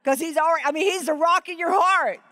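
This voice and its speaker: A middle-aged woman preaching a sermon at a live event, emotional and choked up, swinging between soaring emphasis and hushed reading. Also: very high voice, fast. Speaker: Bible teacher.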